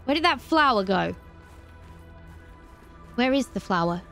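A woman playing a video game, talking to herself in an animated way and breaking into startled exclamations. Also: a little high, a little slow, creaky, faint music behind. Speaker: let's play host. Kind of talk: gaming commentary.

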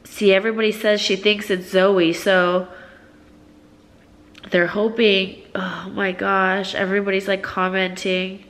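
A woman's voice: medium pitch, unhurried. A young woman vlogging casually, rambling and emotional, full of fillers and restarts. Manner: gushing and gasping with excitement. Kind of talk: casual vlog chat.

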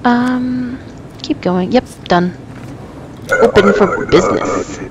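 A woman's voice: on the high side, slow. A woman giving flustered, self-mocking let's play commentary and talking back to the game characters. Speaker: gamer. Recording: noisy home recording.

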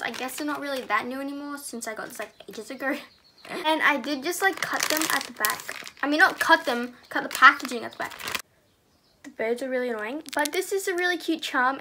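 A teenage girl reviewing squishy toys in a casual, gushing way, sometimes dropping to a soft murmur. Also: high voice, slight background noise. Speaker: squishy haul vlogger.

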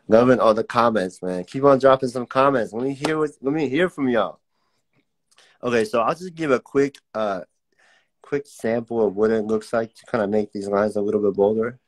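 With a fairly low voice, a laid-back young art teacher runs a live-streamed drawing class. He sketches while keeping the talk loose and friendly, chatting easily with viewers and reading their comments aloud.

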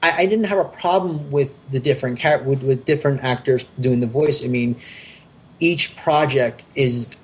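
A man's voice: medium pitch, normal speed. A man talking casually on a podcast, enthusiastic and rambling, with many restarts and fillers. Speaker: podcast host.

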